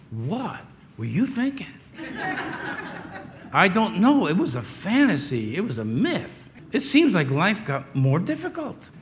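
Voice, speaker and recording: A man in his sixties preaching a sermon in a conversational way, with wry humor, moving between loud emphasis and quiet asides. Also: a little high, slight background noise. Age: 60s. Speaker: pastor.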